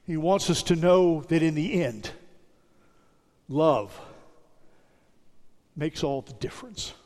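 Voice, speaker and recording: A man's voice: a little high, lively intonation. Man preaching in a reverberant hall. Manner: dropping to a soft hush on repeated phrases; measured, emphatic preaching with deliberate repetition. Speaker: pastor. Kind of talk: sermon. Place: church sanctuary. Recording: sermon with long hall reverb.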